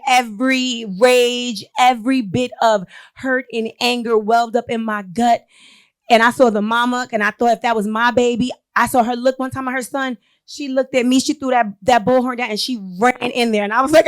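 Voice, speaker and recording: A woman guest in a casual chat, telling a story with lively energy and acting out the quotes. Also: on the high side, moderate pace.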